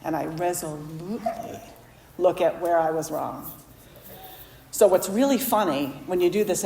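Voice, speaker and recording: Woman, recovery meeting speaker, candid storytelling, low-ish voice, echoey hall. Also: a little mellow, slight background noise. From Florida. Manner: candid, self-deprecating storytelling with quoted dialogue.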